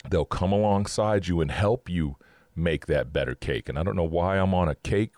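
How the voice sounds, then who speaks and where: A man's voice: low voice, normal speed, a little mellow, no room sound, clean studio sound. A man hosting a casual faith talk, upbeat and chatty, laughing often as he teaches. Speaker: podcast host.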